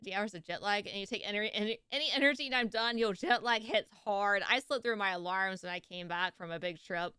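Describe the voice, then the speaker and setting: A woman's voice: medium pitch, fast talker, few pauses, bright, forceful tone, smooth, dry recording, clean studio sound. A young woman on a live stream, chatting casually and giggling as she greets viewers and reacts to videos.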